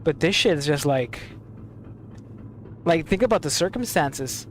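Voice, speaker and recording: A man's voice: on the high side, animated, unhurried, a little hiss or hum. A young man giving casual gameplay commentary as a streamer, swearing often and leaning on fillers. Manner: profane, emphatic, filler-heavy. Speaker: gaming streamer. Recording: game music underneath.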